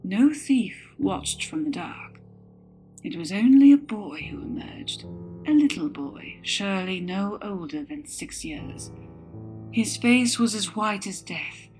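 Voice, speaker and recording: A woman narrating a dark folktale in a slow, dramatic storytelling manner, with music behind. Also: medium pitch, animated.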